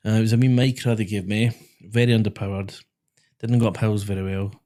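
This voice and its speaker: A man's voice: lowish voice, steady tone, fairly quick, dark tone. A man with a Scottish accent hosting a podcast, chatting casually and telling stories that make him laugh. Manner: chatty storyteller, laughs at his own stories. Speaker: podcast host and driving instructor. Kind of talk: casual chat. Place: small podcast studio.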